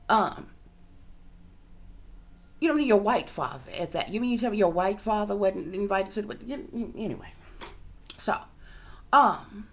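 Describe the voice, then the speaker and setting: A woman, a psychic reader, telling a long story to her viewers in a rambling, emphatic way, swearing freely and sometimes dropping to a hushed whisper. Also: mid-range voice. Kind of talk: casual storytelling monologue to viewers.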